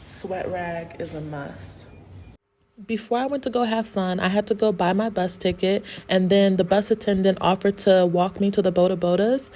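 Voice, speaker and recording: Woman travel vlogger, chatty and slangy, mid-pitched, light background hiss. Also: normal speed, mellow. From United States. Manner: chatty, laughs often, uses slang. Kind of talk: casual travel vlog.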